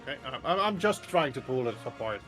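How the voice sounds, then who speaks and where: A man's voice: mid-range voice, big pitch swings, fast talker, a bit bright, soft background music. A man playing a tabletop game, unsure of the rules and asking questions. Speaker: player. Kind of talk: casual tabletop play.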